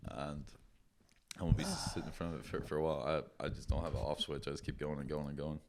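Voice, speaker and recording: A man's voice: rumbling low, flat delivery, quick pace. A man co-hosting a podcast, chatting casually and telling rambling stories, swearing often. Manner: rambling storyteller, swears a lot. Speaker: podcast co-host. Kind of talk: casual chat.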